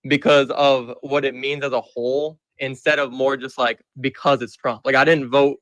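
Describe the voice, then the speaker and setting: A man's voice: medium pitch, flat delivery, normal speed, a bit bright, no room sound. A young man of eighteen with a Michigan accent, calling into a stream to debate, casual and hesitant with lots of slang. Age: young adult.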